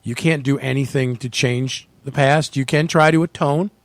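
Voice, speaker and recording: A man's voice: mid-range voice, steady tone, moderate pace, no echo. Earnest man, dry close sound. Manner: reflective, earnest, speaks of God. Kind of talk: casual podcast chat.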